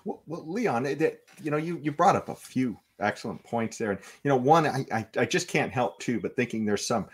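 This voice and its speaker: A man's voice: mid-range voice, lively intonation, brisk, hardly any pauses, breathy edge. A man co-hosting a political talk show, conversational, stammering and often laughing. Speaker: podcast co-host. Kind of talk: political commentary.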